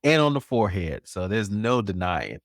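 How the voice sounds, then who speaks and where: Animated man, lively pop culture host. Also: lowish voice, normal speed, dry recording, clean studio sound. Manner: animated, laughs often. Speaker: podcast co-host. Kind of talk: casual pop culture chat.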